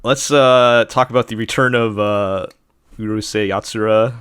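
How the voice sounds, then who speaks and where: A man's voice: fairly low pitch, fairly even intonation, measured pace, a bit bright, clear, resonant tone, no echo, studio quality. A man hosting a casual podcast chat about anime, rambling with plenty of fillers and restarts. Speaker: podcast host.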